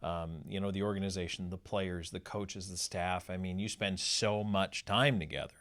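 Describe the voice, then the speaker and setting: A man's voice: sits low, steady tone, normal speed, fairly bright tone. A man, a former hockey player and color commentator, reminiscing in an interview with frequent restarts and fillers.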